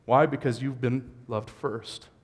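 A man's voice: medium pitch, fairly even intonation, measured pace, big-room sound. A man preaching a sermon as a pastor, moving from easygoing asides to fervent, rising exhortation. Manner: builds from conversational to impassioned shouting.

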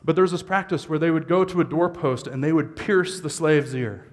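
A man's voice: on the high side, moderate pace, in a large hall. A man preaching a sermon as a pastor, moving from easygoing asides to fervent, rising exhortation. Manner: builds from conversational to impassioned shouting.

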